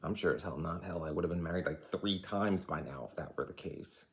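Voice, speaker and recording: A man in his forties with a very low, deep voice delivers a casual, fired-up monologue to his viewers. He speaks passionately and rambles, dropping asides as he goes. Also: brisk. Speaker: vlogger and life coach. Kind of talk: casual to-camera rant.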